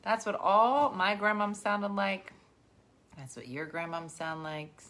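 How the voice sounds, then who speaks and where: A middle-aged woman chatting casually, telling lively stories and acting out the voices of the people in them. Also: mid-range voice, slow pace. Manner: animated storyteller who acts out quoted voices. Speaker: storyteller. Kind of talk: casual chat.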